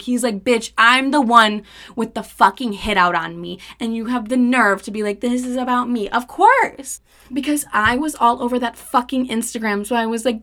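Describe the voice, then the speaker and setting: A woman's voice: a little high, fairly quick, fairly bright tone. A young woman in her twenties telling a story in a casual, profane monologue, often rising to indignant outbursts.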